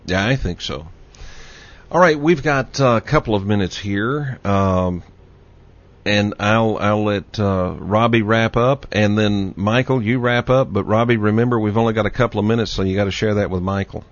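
A man from Texas with a Southern accent, hosting a radio talk show in a folksy, relaxed way. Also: fairly low pitch, normal speed, no echo, dull audio. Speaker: radio host.

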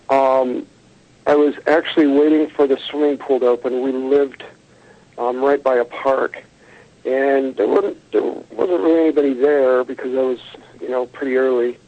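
A man's voice: medium pitch, steady tone, normal speed, muffled recording. Earnest man telling a story over the phone. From United States. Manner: earnest storytelling with fillers and self-corrections. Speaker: guest recounting encounters.

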